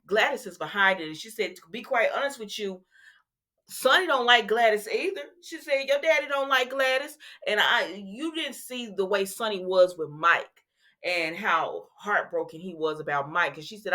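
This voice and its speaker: A woman who recaps soap opera episodes in a casual, chatty way, acting out the dialogue and laughing often. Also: mid-range voice. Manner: animated, acts out the quotes, laughs often.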